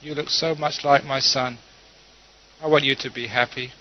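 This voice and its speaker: A man's voice: medium pitch, steady tone, moderate pace, a little hiss or hum, natural voice. A man voicing a wealthy grieving father in a story, earnest and pleading. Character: rich grieving older father. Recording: dull lo-fi recording.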